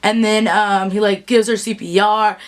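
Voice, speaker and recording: A woman's voice: medium pitch, level tone, normal speed. Chatty young woman recapping a show. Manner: chatty and bubbly, many fillers, acts out quotes. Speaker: TV recap vlogger. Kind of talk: casual chat.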